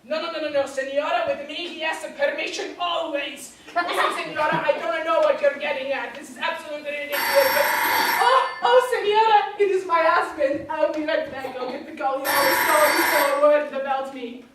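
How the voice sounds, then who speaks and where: An actress playing an excitable Italian housewife in a stage monologue, speaking broken English with an Italian accent in a chatty, theatrical way. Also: female voice, high voice, fairly quick, few pauses, background noise, lightly acted. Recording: distant, echoey live theater recording.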